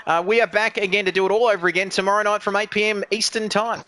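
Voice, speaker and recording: A male sim racing commentator wrapping up a live stream in a bright, high voice. He talks in an upbeat, chatty way, full of thanks and friendly sign-offs. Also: fairly even intonation, quick pace. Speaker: race commentator.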